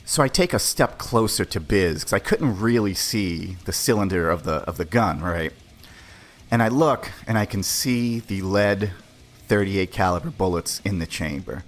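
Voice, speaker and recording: A man's voice: low voice, animated, normal speed. A man in his forties from the Boston area, hosting a podcast and telling a story in a loose, profane, chatty way. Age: 40s. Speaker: podcast host. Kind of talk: casual storytelling.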